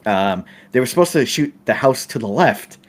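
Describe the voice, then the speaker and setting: Animated storytelling man, lively pitch. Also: moderate pace. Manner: animated, laughing, restarts often. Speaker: podcast host. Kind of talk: casual storytelling.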